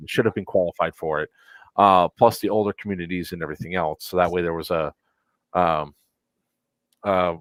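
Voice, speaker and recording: A man's voice: fairly low pitch, no room sound, poor audio. A man in his thirties hosting a podcast, telling a story in an exasperated, casual way and acting out both sides of the dialogue. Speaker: podcast host. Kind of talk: casual chat.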